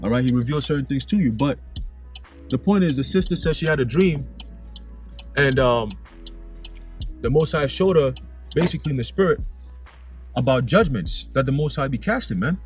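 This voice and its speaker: A man's voice: mid-range voice, animated, normal speed, long pauses, faint music behind. A young man preaching in a casual way, reading scripture verses aloud and often ending his lines with "man". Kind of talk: informal scripture teaching.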